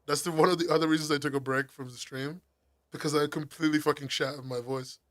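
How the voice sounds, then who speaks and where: A man with an English accent chatting with his live-stream viewers, excitable and quick to swear and laugh. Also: on the high side. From England. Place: at home.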